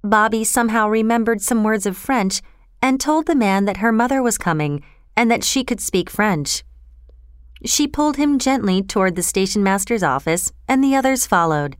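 A woman reads a children's story aloud with a lively, rising and falling delivery. Her voice is smooth and resonant. The recording is close and dry. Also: mid-range voice, moderate pace, no room sound. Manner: expressive, clear reading. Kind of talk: scripted children's story narration.

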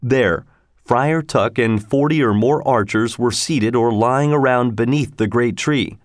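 A man narrating a storybook in a steady, measured way. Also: mid-range voice, no room sound, studio quality.

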